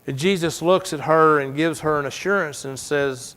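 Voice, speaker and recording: A man's voice: a little high, moderate pace, hardly any pauses, soft background music. Male pastor preaching with dramatic swings. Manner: dramatic storytelling, swinging from soft to loud. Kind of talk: sermon. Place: church.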